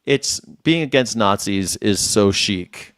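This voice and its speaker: A man's voice: fairly low pitch, lively intonation, slow pace, fairly bright tone, no room sound, clean studio sound. A man hosting a casual commentary show, reacting to news clips with profane, wry asides.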